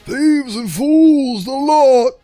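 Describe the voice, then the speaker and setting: Bellowing ghost foreman, high and slow, boisterous, played by a man. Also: dark tone, faint music behind, heavily acted. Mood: scornful. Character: gruff wheezing male foreman spectre, boisterous.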